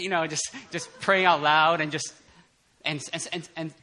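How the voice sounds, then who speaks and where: At a moderate pace and in a slightly high voice, a man gives a casual, conversational sermon at a church prayer meeting. He's animated, laughs often, and leans on fillers and restarts.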